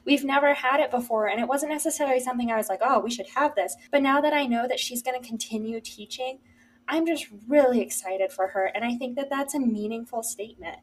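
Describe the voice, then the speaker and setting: Earnest, excited young woman co-host. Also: a little high, quick pace, low-quality recording. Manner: earnest and enthusiastic, repeats "I'm so excited". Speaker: podcast co-host. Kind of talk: casual chat.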